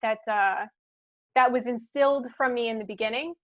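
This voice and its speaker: Woman w a light philly accent, slightly high voice, rambly casual guest chat. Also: moderate pace. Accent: light Philadelphia. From Philadelphia suburbs, USA. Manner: chatty, thinking aloud with many fillers. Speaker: guest, marketing leader. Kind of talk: casual podcast conversation.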